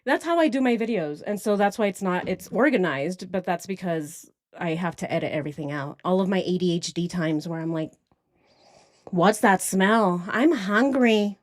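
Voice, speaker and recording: A woman's voice: lowish voice, fairly quick, few pauses, darkish tone, no room sound, clean studio sound. A woman hosting a casual true crime livestream, rambling off on tangents and now and then putting on mocking voices.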